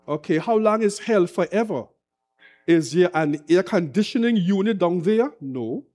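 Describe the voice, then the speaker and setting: A man's voice: high-pitched, expressive, normal speed, darkish tone, faint music behind. A man preaching an impassioned sermon, full of rhetorical questions and repetition. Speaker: pastor.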